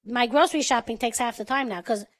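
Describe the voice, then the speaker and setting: An American woman co-hosting a charity livestream in casual chat, with a squeaky, distinctive voice, bubbly and chatty, laughing often. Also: fast. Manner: chatty and bubbly, laughs often, says "you know what I'm saying". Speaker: co-host of a charity auction livestream.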